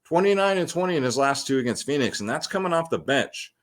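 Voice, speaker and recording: A young man hosts a fantasy sports picks show, breaking down his picks in a casual, slangy way full of ums and side remarks. His voice sits on the high side, and he talks fast with lively intonation.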